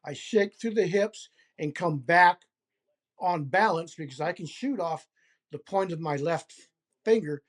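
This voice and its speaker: A man who is an interview guest, telling a first-person story deliberately and acting out gestures as he describes them. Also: on the high side. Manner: deliberate, acts out gestures as he narrates. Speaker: interview guest recounting a hunting encounter.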